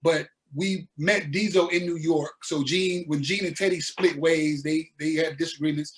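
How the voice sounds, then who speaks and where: A man from the American South, a musician guest telling his story in a laid-back, animated way with slang. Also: fairly high pitch, normal speed. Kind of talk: casual interview storytelling.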